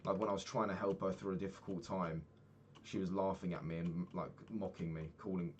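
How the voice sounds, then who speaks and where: Candid man, low voice. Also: steady tone, a little fast, highs cut off, slight background noise. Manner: candid, swears freely, acts out quoted people. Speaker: podcast host. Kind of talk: casual storytelling monologue.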